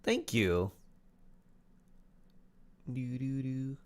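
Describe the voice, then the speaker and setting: A man's voice: mid-range voice, huge pitch swings, drawn-out words, a little mellow. Laid-back man humming through a stream. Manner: laid-back, hums and scats to himself while reading chat. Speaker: game streamer. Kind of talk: casual live-stream chat. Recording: faint music behind.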